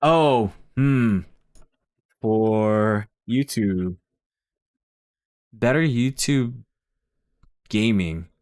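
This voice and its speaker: With a lowish, darkish voice, this young streamer draws out his words and pauses often. He's chatty and rambling, carrying a mixed Filipino and Bay Area accent, and keeps restarting with ums and self-corrections while planning on his live stream.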